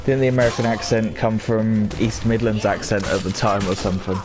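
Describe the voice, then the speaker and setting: Low-ish guy rambling over a game, laughs at himself a lot. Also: steady tone, brisk. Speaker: gaming streamer. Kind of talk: casual commentary over gameplay. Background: game music.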